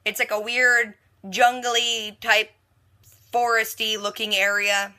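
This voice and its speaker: A woman with a slightly high, bright and forceful voice recaps a TV episode for her vlog. She talks in a loose, snarky, chatty way and peppers it with "like" and "freaking". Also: flat delivery, slow pace. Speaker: TV reaction vlogger.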